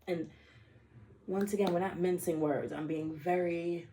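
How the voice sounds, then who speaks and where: Blunt, rambling woman with a low voice. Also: fairly even intonation, a little slow, warm tone, slight background noise. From the Bronx, New York. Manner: blunt, profane, with playful asides and self-interruptions. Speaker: vlogger. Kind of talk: casual rambling monologue.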